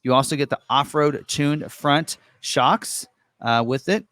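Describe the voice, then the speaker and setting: A man's voice: mid-range voice, a little slow, a bit bright, dry recording. A man casually walking through vehicle options on a screen, talking loosely with many fillers and self-corrections. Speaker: truck ordering guide presenter. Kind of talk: casual walkthrough of an online configurator.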